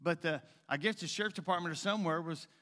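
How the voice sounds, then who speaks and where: A male pastor preaching in a folksy, rambling way, at times dropping to a soft coaxing tone. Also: on the high side, fast talker. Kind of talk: sermon. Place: church sanctuary. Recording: long hall reverb.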